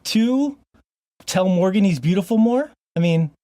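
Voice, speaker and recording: Man, podcast host, casual joking banter, from Montana, higher voice, dry recording. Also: lively intonation, measured pace, warm tone, no echo. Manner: jokey, laughs often, fillers like um.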